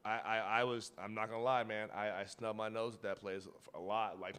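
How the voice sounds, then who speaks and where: A man's voice: fairly low pitch, level tone, brisk, a bit bright, clear, resonant tone. A man co-hosting a podcast, telling loose, profane stories in casual chat and laughing often. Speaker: podcast co-host.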